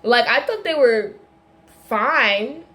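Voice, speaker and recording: High-voiced woman ranting casually. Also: slow. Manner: rambling, animated, many restarts and tangents. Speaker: video creator. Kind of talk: casual film rant.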